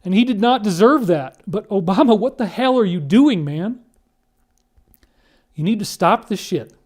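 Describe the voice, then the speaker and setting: A man's voice: sits high, lively intonation, normal speed, a little mellow. A man talking through a series of photos in an earnest, emphatic monologue, often addressing listeners directly. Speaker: commentator.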